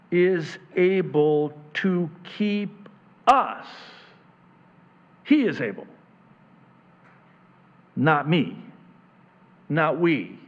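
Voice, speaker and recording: A male pastor preaching a conversational sermon, swinging between loud emphatic peaks and soft low murmurs, chuckling at his own asides. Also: dull audio.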